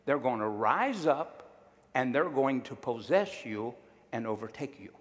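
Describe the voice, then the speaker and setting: A man's voice: mid-range voice, animated, unhurried, long reverb tail. A male pastor preaching a sermon, emphatic and drawing call-and-response from his congregation.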